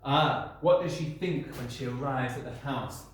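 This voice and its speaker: A primary school teacher, a man with a mid-range voice, gives a recorded lesson to young children, speaking a little slowly and with few pauses. Friendly and encouraging, he explains each step as he draws and often checks in with "okay?". The room is very echoey.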